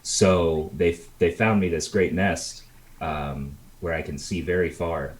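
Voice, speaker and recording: Man putting on a terse gunman voice, very deep, unhurried, hesitant. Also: fairly even intonation, poor audio. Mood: guarded. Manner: slow, hesitant, clipped. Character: gruff male sniper for hire, terse.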